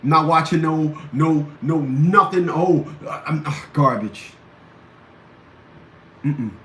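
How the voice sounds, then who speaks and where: Blunt, forceful man ranting in a roomy echo. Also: fairly high pitch, takes it slowly. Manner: blunt, combative, repeats phrases for emphasis. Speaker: radio show host. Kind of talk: ranting commentary. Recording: roomy echo, faint background noise.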